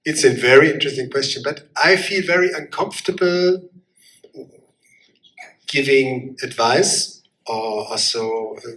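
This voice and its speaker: A man fields audience questions as an ambassador. He talks haltingly, with frequent fillers and repeated words. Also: medium pitch, a bit bright, slight background noise, low-quality recording. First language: German. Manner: halting, many fillers and restarts. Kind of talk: answering audience questions at a panel.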